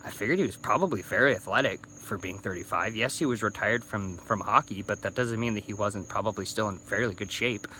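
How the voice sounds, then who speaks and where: A man's voice: lowish voice, a little fast, few pauses, sharp tone, slight background noise. Slightly drunk man ranting into a phone. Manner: rambling, stumbling restarts, swearing. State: a little drunk. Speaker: YouTuber. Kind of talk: casual ranting vlog.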